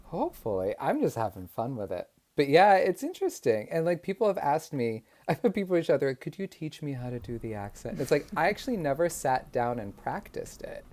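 A young man chatting as a guest in an interview, an animated storyteller. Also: fairly quick, few pauses. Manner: animated storyteller, jumps into high put-on voices when quoting. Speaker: guest, comedic impressionist. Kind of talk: casual interview chat.

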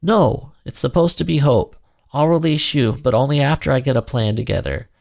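A man's voice: mid-range voice, moderate pace, creaky, darkish tone, voice pushed up, lightly acted. A man voicing an earnest, kind-hearted young man who stammers and apologizes. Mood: eager.

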